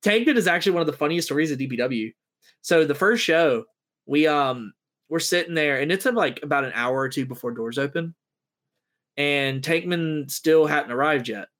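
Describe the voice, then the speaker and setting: A man guesting on a podcast, telling lively stories in casual chat and acting out what people said. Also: a little high, moderate pace. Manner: animated storyteller, acting out quotes.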